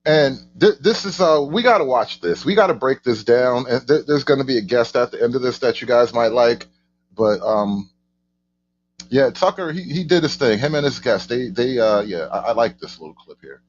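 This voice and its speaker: A man's voice: medium pitch, lively intonation, normal speed, muffled recording, slight background noise. A man hosting a casual reaction commentary, stumbling over and repeating his words, with mock outrage and sarcasm. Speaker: host of a political commentary channel.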